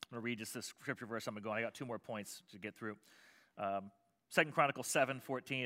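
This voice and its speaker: A man preaching a sermon as pastor, swinging from loud, impassioned pleading to quiet explanation. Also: medium pitch, steady tone, fast.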